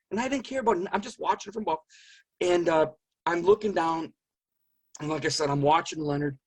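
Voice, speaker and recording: Earnest husky man groping for words. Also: on the high side. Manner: earnest, halting, searching for words. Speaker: interview guest. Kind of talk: personal testimony in conversation.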